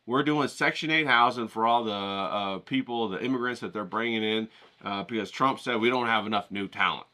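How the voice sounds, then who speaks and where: A man's voice: fairly low pitch, brisk, sharp tone. A man hosting an art vlog, chatting casually to his viewers in an upbeat, rambling, slangy way. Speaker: art vlogger.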